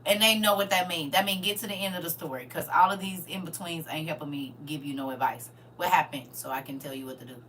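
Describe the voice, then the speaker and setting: In a deep voice, a middle-aged livestream host chats casually with viewers at a quick pace with few pauses, and a little hiss or hum sits under the audio. She's blunt and animated, calling her audience "y'all" and "baby."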